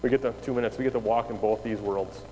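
Man, youth pastor, animated storytelling, long hall reverb, faint background noise. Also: mid-range voice, quick pace. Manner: animated storyteller acting out quoted dialogue. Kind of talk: storytelling talk to an audience.

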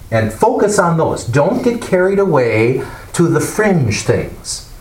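A man teaching a Bible class, explaining and asking the class questions in an animated way. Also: medium pitch, takes it slowly. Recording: echoey room, mic far off, faint noise.

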